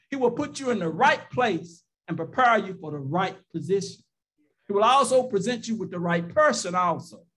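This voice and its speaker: A male pastor with a high-pitched voice delivers a sermon. He presses his points through strings of rhetorical questions and repetition. He sometimes slows down to lean on a word and stumbles into quick restarts. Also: bright, forceful tone. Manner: rhetorical questions and repeated phrases.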